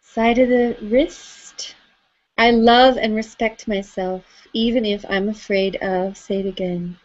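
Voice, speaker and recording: A woman leading a live tapping session, gently coaching listeners through phrases for them to repeat. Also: medium pitch, fairly even intonation, slow pace. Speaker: EFT tapping facilitator. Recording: slightly dull lo-fi audio.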